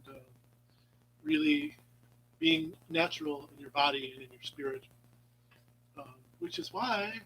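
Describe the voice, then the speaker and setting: Man, live stream host, gravelly voice, slightly high pitch, rambling casual chat, faint hum behind. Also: very animated, measured pace, pauses often, bright, forceful tone, low-quality recording. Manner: chatty, meandering, lots of ums and restarts; playful, sometimes drops to a whisper.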